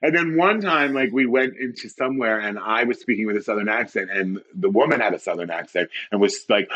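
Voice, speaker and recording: A man, an actor and comedian, chatting as a podcast guest and telling animated stories with lots of laughter. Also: fairly quick, few pauses, lo-fi sound. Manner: animated storyteller, swoops high for quoted voices and laughs. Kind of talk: casual interview chat.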